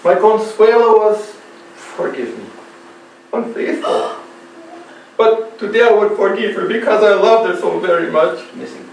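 A man playing an earnest, heartbroken Spanish gentleman with a Spanish accent in an amateur stage comedy, with deadpan replies. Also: high-pitched, measured pace, vocal fry, long pauses. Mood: mournful. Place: theatre stage. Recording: echoey hall, stage mic far off, faint hum.

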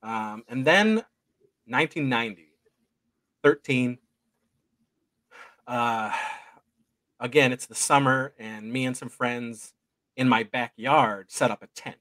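A man's voice: medium pitch, fairly bright tone, dry recording. A man in his forties, a guest telling a story casually, rambling and full of fillers. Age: 40s. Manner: rambling, slow delivery with many fillers. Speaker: guest filmmaker.

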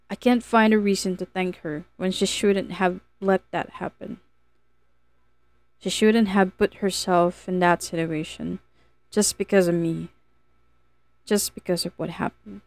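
Woman reading a novel audiobook, steady earnest narration, dry close voice. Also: fairly low pitch, no echo. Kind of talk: first-person novel narration.

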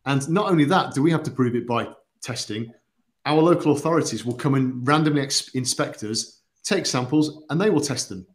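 A man's voice: medium pitch, brisk. A man, explaining supplements on a company livestream in an earnest, methodical way with occasional fillers. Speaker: product expert on a company livestream. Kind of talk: casual livestream chat.

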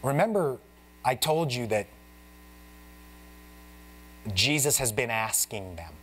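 This pastor speaks slowly in a medium pitch as he gives an expository sermon in a church sanctuary. His teaching is relaxed and chatty, addressing the congregation as friends, and he acts out the people of the Bible in lively voices.

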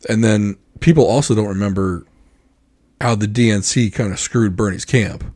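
With a fairly low voice and a moderate pace, an American man co-hosts a podcast in easygoing conversation. He animates his stories by acting out how other people reacted.

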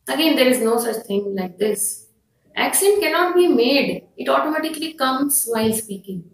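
A woman with an Indian English accent gives a firm, instructive lesson, pausing often on fillers. Her voice sits a little high. She sounds set back from the mic in a room with a clear echo. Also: animated, recorded from a distance. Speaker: IELTS teacher. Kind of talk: explanatory lesson to camera.

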